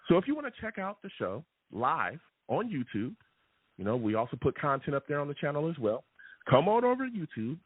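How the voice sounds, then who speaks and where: This sports podcast host runs a live call-in show, chatting animatedly and constantly tagging his points with "okay?" and "all right?" His fairly high, slightly husky voice rises and falls a lot. The audio is thin and tinny like a phone line, very dry, with no room sound.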